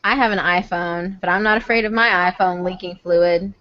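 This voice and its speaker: A woman's voice: on the low side, steady tone, moderate pace, no echo. A woman hosting a voice-chat story night, talking casually, laughing helplessly and swearing freely. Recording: dull, lo-fi stream audio.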